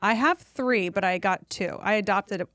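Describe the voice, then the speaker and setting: A woman, a podcast guest telling funny stories and acting out quotes in a high voice. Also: moderate pace, dry recording, studio quality. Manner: animated storyteller who acts out quotes in a high voice. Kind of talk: casual storytelling chat.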